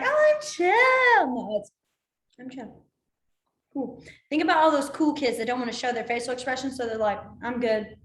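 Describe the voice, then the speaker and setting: A woman with a slightly high voice leads a beginner sign language class in a playful, chatty way. She acts out each emotion with her voice as she explains it. Her voice rings around an echoey room. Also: fairly bright tone. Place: library meeting room.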